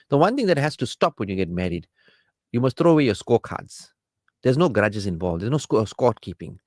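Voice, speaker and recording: A man hosting a radio counselling show, giving marriage advice in an animated, preachy way and acting out quarrelling spouses. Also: fairly low pitch, no room sound, clean studio sound. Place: radio studio.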